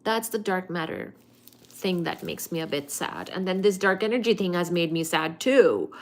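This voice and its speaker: A woman hosting a casual study-with-me livestream, chatty and expressive as she reads and answers viewer comments. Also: on the low side, moderate pace. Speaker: livestream host.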